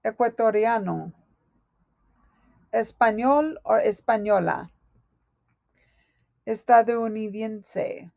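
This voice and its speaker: A woman teaching a Spanish lesson from her notes, speaking slowly and deliberately and correcting herself aloud as she goes. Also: a little high, vocal fry, darkish tone, no echo. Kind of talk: recorded lesson reading through notes.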